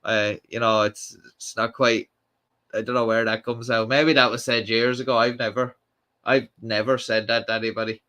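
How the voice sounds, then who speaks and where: A man's voice: mid-range voice, flat delivery, normal speed, bright, forceful tone. Rambling Irish man reading comments. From Ireland. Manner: rambling, many fillers and restarts. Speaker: live stream host. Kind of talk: casual chat reading comments.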